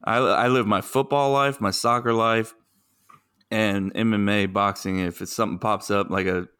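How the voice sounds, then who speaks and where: A young man hosts a casual podcast with friends, drifting through loose, rambling stories. His voice sits a bit low and comes across smooth and clear. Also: steady tone, moderate pace, a bit bright. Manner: laid-back, rambling storyteller. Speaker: podcast host. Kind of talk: casual chat.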